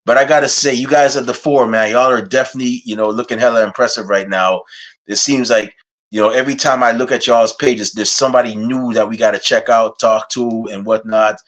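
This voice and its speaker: A man's voice: mid-range voice, steady tone, a little fast. A man hosting a wrestling podcast, opening with a rhyming hype intro and then chatting casually and telling stories. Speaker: podcast host.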